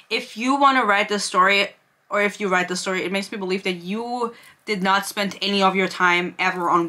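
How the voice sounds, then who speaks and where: A woman's voice: medium pitch, sharp tone. A young woman at her bedroom desk, giving a sarcastic book review with swearing and laughing asides. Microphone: desk camera.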